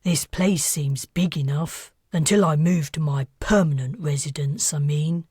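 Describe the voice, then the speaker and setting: A woman reading aloud, voicing a casual, blunt young male fleet officer who shouts to be heard. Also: low voice, a little slow, breathy edge, no echo, clean studio sound, voice pushed down, exaggerated voice.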